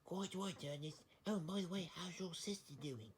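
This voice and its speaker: Someone voicing a calm storyteller character in a homemade story video. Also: medium pitch, moderate pace, a little hiss or hum, close to an everyday voice.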